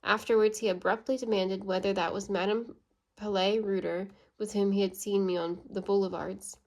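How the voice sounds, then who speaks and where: A woman's voice: mid-range voice, fairly even intonation, normal speed, a little mellow. Woman reading a classic novel aloud. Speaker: audiobook reader.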